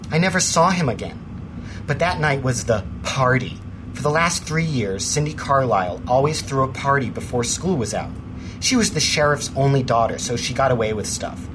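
An actor playing a bitter, sarcastic former paranormal field agent, talking with resentment in an audio drama. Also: male voice, mid-range voice, noisy background, lightly acted. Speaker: lead character.

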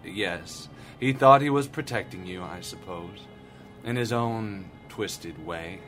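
A man's voice: deep voice, takes it slowly, fairly bright tone, soft background music. An actor playing a smug male demon lord who speaks in a silky, patronizing way. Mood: gloating.

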